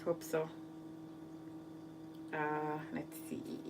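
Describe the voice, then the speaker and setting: A woman's voice: sits low, monotone, very noisy. A woman hosting a cooking livestream, chatting casually with viewers, laughing often and trying out French phrases. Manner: unhurried, with many fillers. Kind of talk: casual live chat with viewers.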